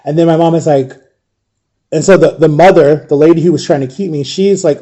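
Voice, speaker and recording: A man in his thirties with a slightly high, mellow voice tells a story from his own life. He rambles casually and lets his voice fall almost to a hush when the memories get heavy. He is from Ohio. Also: a little fast. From Ohio, USA. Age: 30s. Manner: rambling, softens to a hush at emotional moments. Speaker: vlogger.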